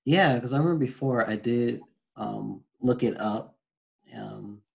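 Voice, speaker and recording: A man's voice: medium pitch, a little slow, gravelly, poor audio. A man hosting an interview, hesitant and rambling, with many ums. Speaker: interview host.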